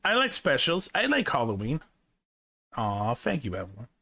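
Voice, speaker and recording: Upbeat bright-voiced man reacting casually. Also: medium pitch, huge pitch swings, normal speed. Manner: enthusiastic, casually profane. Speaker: reaction video host.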